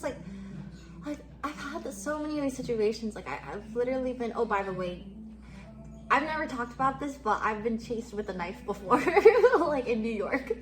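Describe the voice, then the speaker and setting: Giggly, chatty young woman streamer. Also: sits high. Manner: chatty storytelling, giggly, swears casually. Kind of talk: casual chat.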